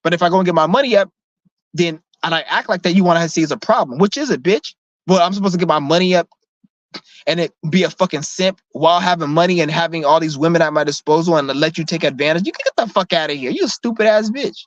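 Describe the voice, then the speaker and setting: Speaking fast in a voice on the high side, this vlogger launches into a heated, profanity-laced rant straight to camera. His delivery is blunt and combative, full of repetition and false starts. Audio quality is dull and lo-fi with a dry sound.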